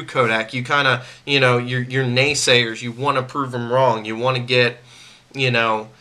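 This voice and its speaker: A man's voice: mid-range voice, sharp tone. A man venting to camera about a refund, irritated and repeating himself, with stammering restarts. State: angry. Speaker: vlogger.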